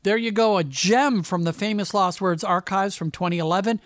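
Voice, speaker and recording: A man's voice: high-pitched, moderate pace. A man hosting a radio show, telling a backstage story in a chatty way with conversational asides. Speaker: radio host.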